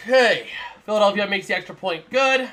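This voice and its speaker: A man with a fairly high voice calls scores and plays as they come in on his live stream. He talks in a loose, rambling way, circling back to the same point again and again. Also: expressive, brisk, pushed and bright. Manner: rambling, repeats himself, casual. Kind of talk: live play-by-play and analysis.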